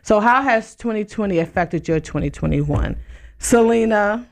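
Loud woman radio host, hyped up, lots of shout-outs, chatting into a studio mic. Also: medium pitch, lively intonation, moderate pace. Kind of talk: casual live radio chat. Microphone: studio mic with headphones.

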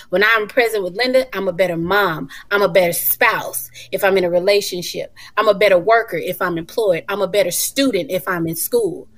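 A woman in her thirties, a mother, talking as a guest in a casual talk show, animated and emphatic with folksy endearments. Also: medium pitch. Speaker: guest, mother and retreat organizer.

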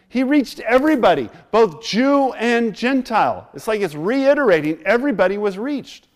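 A man with a notably high voice delivers a sermon in a church. He tells stories about himself with a laugh, then presses his listeners with urgent, repeated questions. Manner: storytelling, laughing at his own past, rising into emphatic exhortation. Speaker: preacher.

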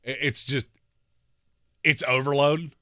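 Radio co-host guy, super bright voice, goes off on big dramatic rants, dry studio sound. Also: mid-range voice, takes it slowly, no echo. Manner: animated, ranting, exaggerated complaints. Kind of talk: casual sports radio banter.

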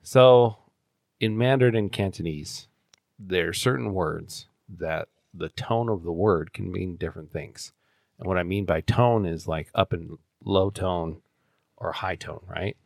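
Low-voiced man, joking and laughing. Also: measured pace, creaky, dry recording, studio quality. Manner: jokey, laughs often. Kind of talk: casual podcast chat.

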